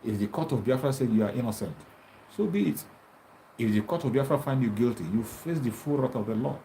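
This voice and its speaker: A man's voice: medium pitch, expressive, fairly quick, dark tone, slight background noise, low-quality recording. A man giving an impassioned political monologue, taunting and repeating himself as he challenges his opponents. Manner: combative, taunting, repetitive. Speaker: activist commentator.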